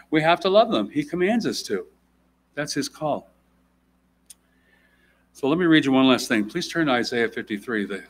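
Male guest preacher, average pitch, emphatic sermon delivery with big swings in volume. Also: slight background noise. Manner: emphatic, urgent preaching with sharp rises and drops in loudness; acts out quoted people in raised voices.

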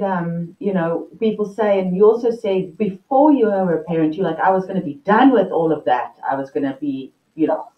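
Effusive woman host, distant roomy sound. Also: mid-range voice. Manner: enthusiastic, effusive reactions. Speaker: summit host. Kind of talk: casual interview chat. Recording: distant, roomy, slightly muffled.

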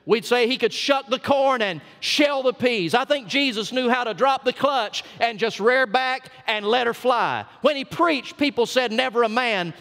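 A man's voice: very high-pitched, unhurried, hardly any pauses, fairly bright tone. A man with a South Georgia Southern accent preaching a sermon as senior pastor, folksy and emphatic, drawing out his punch lines. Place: church sanctuary. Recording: long church reverb.

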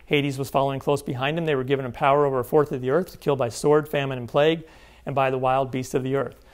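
A man giving an emphatic Bible teaching seminar, often checking in with his listeners. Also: on the high side. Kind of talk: sermon-style seminar teaching.

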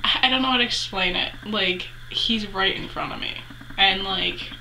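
A woman's voice: medium pitch, moderate pace, vocal fry, bright, forceful tone, slight background noise, rough recording. A young adult woman chatting casually as a vlogger, retelling a story with lots of 'like' fillers.

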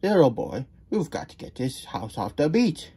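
A man's voice: a little high, very animated, normal speed, mellow, breathy edge, exaggerated voice. A man voicing a stern, bossy beach contest judge in a storybook reading.

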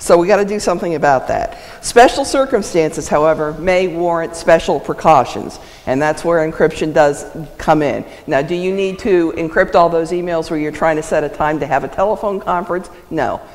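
A woman presenting a legal ethics lecture at a symposium, lively and emphatic, laughing often. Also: low-pitched, normal speed, hardly any pauses. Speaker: conference speaker on legal ethics. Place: lecture hall. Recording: reverberant hall sound.

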